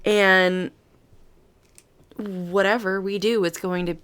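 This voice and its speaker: A woman's voice: mid-range voice, steady tone, slow pace, a bit bright, clean tone. A young woman co-hosting a podcast in casual chat, chatty and thinking aloud with lots of fillers. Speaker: podcast co-host.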